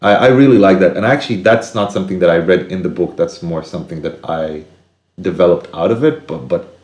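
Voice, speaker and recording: Earnest male guest, low voice, reflective chat, roomy sound. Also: brisk, a little mellow. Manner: earnest, acts out inner voices with sudden high bursts. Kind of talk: reflective casual conversation.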